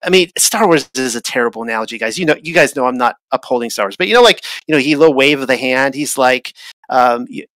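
A man's voice: medium pitch, expressive, fast, a bit bright, no room sound, low-quality recording. A man hosting a Bible study podcast, talking casually and thinking aloud with frequent restarts and fillers. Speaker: podcast host. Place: traveled to Israel.

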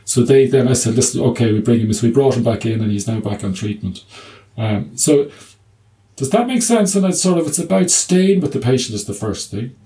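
A middle-aged man, a doctor, talks through his clinic work in a relaxed interview. His voice is warm and mellow, and he often trips over restarts before settling into stories told with dry humour. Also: medium pitch, a little fast. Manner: hesitant restarts, anecdotes with quoted dialogue and humour. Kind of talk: conversational interview answer.

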